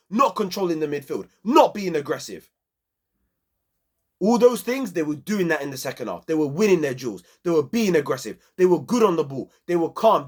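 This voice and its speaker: A young man, giving a passionate, slangy football match review on his own channel. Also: on the high side.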